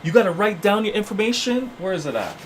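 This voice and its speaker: A man's voice: sits high, very animated, quick pace, noisy background. A man hosting his channel, delivering fiery, repetitive spiritual motivational preaching. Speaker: channel host.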